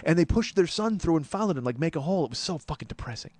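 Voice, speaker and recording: A man in his forties hosting a comedy podcast, telling a story in an exasperated, profane, animated way. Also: on the high side, racing, dry recording. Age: 40s. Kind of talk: storytelling monologue.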